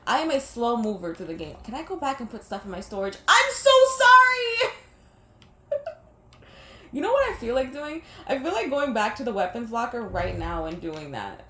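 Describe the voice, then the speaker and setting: A woman's voice: on the high side, sing-song, a little fast, few pauses. A young woman talking casually over gameplay, venting candidly and rambling, swearing freely. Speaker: gaming vlogger. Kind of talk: casual gameplay chat mixed with personal venting. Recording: echoey room with faint background noise.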